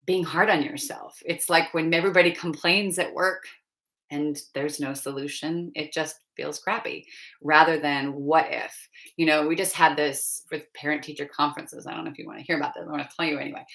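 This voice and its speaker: Low gravelly-voiced woman coach. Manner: chatty and meandering, many "you know" fillers, frequent soft laughs. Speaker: fertility and pregnancy coach. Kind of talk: live coaching stream, casual chat.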